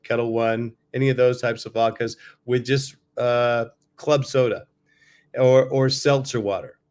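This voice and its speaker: An easygoing man chats over a video call from a hotel room. His voice is worn from a run of shows, and he rambles loosely with plenty of fillers, at an ordinary middle pitch. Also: steady tone, measured pace, darkish tone, smooth. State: voice worn from touring. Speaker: guest musician. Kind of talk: casual video-call chat.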